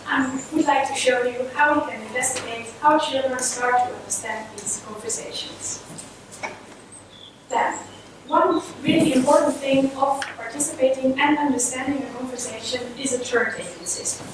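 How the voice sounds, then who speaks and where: Woman researcher, high voice, explanatory conference talk; distant mic, noisy hall. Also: normal speed. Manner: explanatory, steady lecturing. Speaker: child language researcher. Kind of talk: conference presentation.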